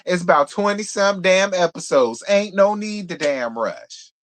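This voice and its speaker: A man's voice: high voice, expressive, measured pace. Sassy man recapping reality TV. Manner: sassy, blunt, talks straight to viewers. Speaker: reality show reviewer. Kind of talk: live stream recap chat.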